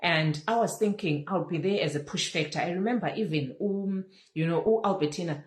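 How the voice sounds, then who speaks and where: A woman's voice: fairly low pitch, brisk, poor audio. A woman hosting a casual Facebook live chat on her phone, earnest and repeating her phrases, slipping in Zulu words. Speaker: livestream host.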